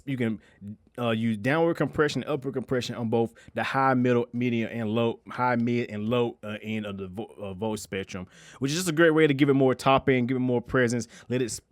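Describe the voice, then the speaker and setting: A man's voice: medium pitch, no room sound, studio quality. A young man giving a loose, conversational music production tutorial, full of slang and restarts. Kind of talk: casual screen-recorded tutorial.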